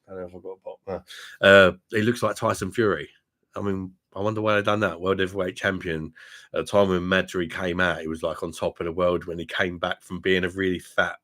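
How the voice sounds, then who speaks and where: A middle-aged man with a low, deep voice talks casually to his live-stream viewers over a webcam mic. He is blunt and laughs often. He swears freely and calls everyone mate. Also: a bit bright. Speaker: beer reviewer and live-stream host.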